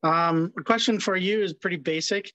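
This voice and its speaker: A man joins a webinar by video call, speaking politely and hesitantly with many pauses and fillers. His voice is fairly high and sounds dry and close. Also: bright, forceful tone, no room sound, rough recording. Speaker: webinar participant.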